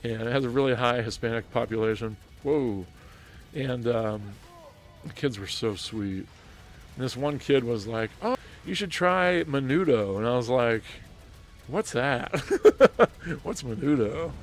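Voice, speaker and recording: A man's voice: medium pitch, a little slow. A man hosting a gaming livestream, telling a story in a chatty way with frequent laughter and restarts, with faint music behind him. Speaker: streamer host.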